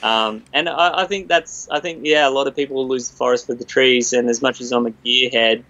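A man's voice: mid-range voice, steady tone, fairly quick, pushed and bright, no room sound, lo-fi sound. A man who works as a studio guitarist, talking in a casual, rambling way and often restarting his sentences. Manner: rambling, restarts and quotes others. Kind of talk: casual podcast chat.

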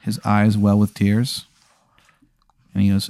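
A man narrating an improvised tabletop game as game master, with a deadpan, rambling delivery full of ums and likes. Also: lowish voice, normal speed, no room sound.

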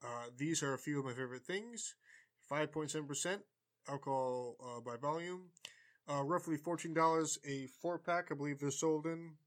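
A man's voice: on the high side, moderate pace, fairly bright tone. A man hosting a casual sports podcast, talking loosely with plenty of fillers as he runs the beer reviews. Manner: rambling, easygoing, filler-heavy. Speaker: podcast host.

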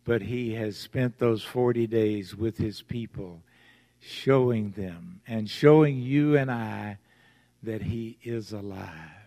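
A man's voice: lowish voice, takes it slowly, warm tone. A man preaching a sermon as pastor, retelling the story and acting out its voices. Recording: long hall reverb.

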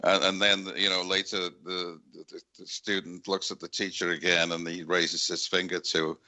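A man hosting a radio interview, halting and reflective, with many fillers as he speaks. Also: deep voice, flat delivery, pushed and bright. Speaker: radio show host.

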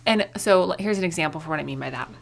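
A woman's voice: low voice, rapid-fire, gravelly. A young adult woman hosting her own podcast, talking in a chatty, upbeat, conversational way. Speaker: podcast host. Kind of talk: casual solo podcast talk.

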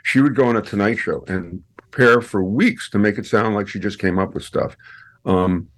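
A man appearing as a guest on a radio show, chatting casually and telling stories with lively swings up in pitch for punchlines. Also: normal speed. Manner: animated storyteller, swings high for punchlines. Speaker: guest, podcast host.

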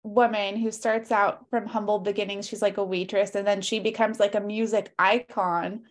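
A woman's voice: mid-range voice, flat delivery, moderate pace. A woman hosting a podcast, talking in an upbeat, hyped, casual way. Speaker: podcast host.

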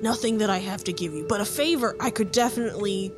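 A woman's voice: mid-range voice, fast, natural voice. A woman voicing a scatterbrained male djinn father, flustered and rambling, over background music.

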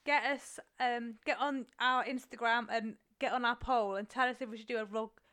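A woman co-hosts a relaxed podcast, chatting in a self-deprecating way. She often trails off and restarts her words, and her voice sits a little high. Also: moderate pace, smooth. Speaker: podcast co-host. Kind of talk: casual chat.

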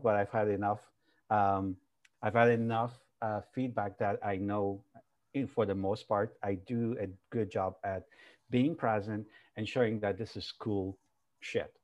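Candid, animated male professor. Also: lowish voice, unhurried. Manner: candid, animated, swears casually. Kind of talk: casual panel discussion. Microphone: video call.

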